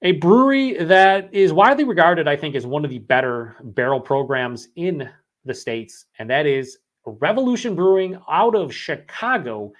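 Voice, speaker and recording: A young man with an animated, highish voice hosts a long live beer vlog at normal speed, rambling casually and swearing often while reading chat comments. His voice is worn from hours of streaming.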